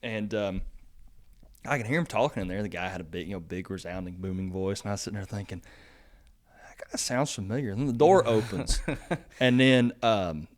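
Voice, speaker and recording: A man with a fairly low voice hosts a casual agriculture podcast. He rambles through stories with plenty of "you know" and "um", and his voice lifts when he gets excited. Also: fairly quick. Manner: rambling storyteller, lots of fillers, animated when excited. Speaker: extension agent podcast host.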